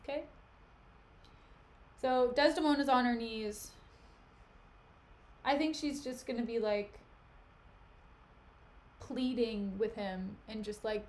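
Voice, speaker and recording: A woman's voice: on the high side, steady tone, slow pace, pauses often, darkish tone, slight background noise. A young woman streaming, retelling a play in a chatty, gossipy way full of "like". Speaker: streamer reading a play aloud. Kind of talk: casual chat and retelling.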